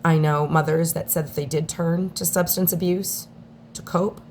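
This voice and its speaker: A woman speaking in an emotional personal video statement, on the verge of tears, with halting, heartfelt delivery and long pauses. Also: low-pitched, steady tone, a little mellow, slight background noise. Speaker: mother speaking out in a daily video diary.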